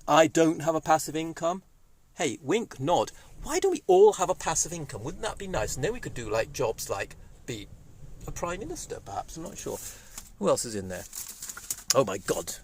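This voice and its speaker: A man in his fifties, rambling and excitable in a casual monologue, speaking through a cold. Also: mid-range voice, moderate pace, creaky, slight background noise. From Wales. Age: 50s. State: has a cold. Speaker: vlogger. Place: indoors, sunny room.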